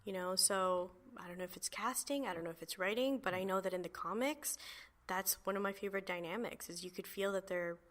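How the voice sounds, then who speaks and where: A woman hosting a comic-book podcast in casual chat, chatty, with lots of fillers and quick laughs. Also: mid-range voice, fairly bright tone. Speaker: podcast host.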